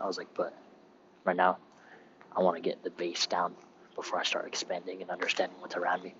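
Low-voiced young man rambling outdoors. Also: completely flat delivery, a little fast, pauses often, a bit bright, lo-fi sound, slight background noise. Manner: rambling, loose and profane. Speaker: sailor recording a podcast. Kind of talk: casual rambling monologue while walking. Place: outdoors on a military base, cold.

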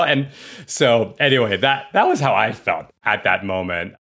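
A man in his thirties hosting a podcast, telling stories in an animated way with frequent restarts. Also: on the low side, fast. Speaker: podcast host. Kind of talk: casual podcast conversation.

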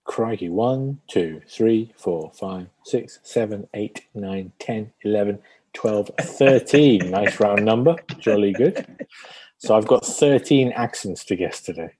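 Podcast co-host, deep mellow husky voice, wisecracking. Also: male voice, lively intonation, takes it slowly, rough recording. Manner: jokey, self-deprecating. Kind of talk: casual chat.

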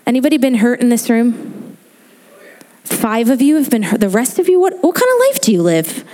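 A woman in her forties preaching a sermon in a lively, joking way, asking the congregation questions. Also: a little high, a little fast. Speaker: pastor. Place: church hall.

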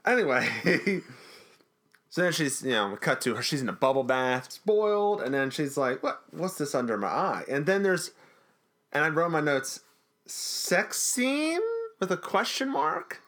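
A man's voice: fairly high pitch, expressive, normal speed, fairly bright tone. A man co-hosting a podcast, recapping an episode in a chatty, jokey way. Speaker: podcast co-host. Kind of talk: casual recap chat.

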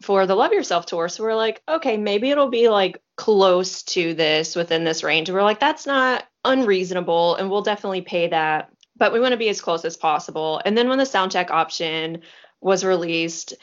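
A woman co-hosting a casual podcast, easygoing and playful, slipping in dry jokes. Her pitch is average for a woman. The sound is a little dull. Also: lively intonation, normal speed. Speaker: podcast co-host. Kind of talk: casual chat. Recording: slightly dull podcast audio.

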